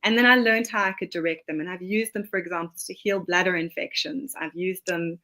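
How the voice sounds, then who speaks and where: A woman from Johannesburg with a South African accent, a guest chatting excitedly on a podcast and often restarting her sentences. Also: on the low side, fairly quick, slight background noise. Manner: excited, rambling, with frequent restarts. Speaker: guest, oracle deck author. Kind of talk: casual podcast interview.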